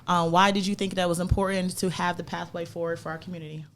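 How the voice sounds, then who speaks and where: A friendly woman co-hosting a podcast, chatting casually and at times reading from notes. Her voice sits a touch low for a woman. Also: quick pace. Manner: friendly, reads from notes at an even pace. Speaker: podcast co-host.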